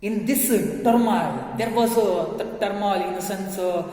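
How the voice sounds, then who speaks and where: Slow, hesitant teacher in echoey room. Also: male voice, sits high, dark tone. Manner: repeats and rephrases, many hesitations. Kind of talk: classroom story explanation. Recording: echoey room with long reverb.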